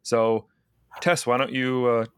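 A man co-hosting a farming podcast in relaxed conversation. He reads out lists of numbers in an even, steady way. The sound is dry and close, with no room echo. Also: mid-range voice, slow pace, clean tone. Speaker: podcast co-host. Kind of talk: casual podcast chat.

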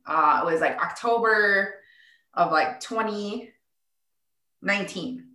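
A woman's voice: medium pitch, slow pace, reverberant. A woman, a tribal entrepreneur, telling a story in a casual interview, laughing and acting out what people said. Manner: animated, laughing, acts out quotes.

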